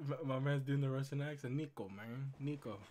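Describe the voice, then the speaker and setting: A man's voice: medium pitch, brisk, mellow. A man casually reacting to a comedy video, hyped and swearing. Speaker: reaction viewer.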